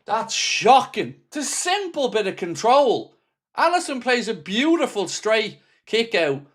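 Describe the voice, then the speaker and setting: A man's voice: extremely high pitch, big pitch swings, unhurried. A man hosting a live football watchalong for fans, commentating on the match with frustration, swearing freely and reading out viewers' chat messages. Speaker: fan channel host.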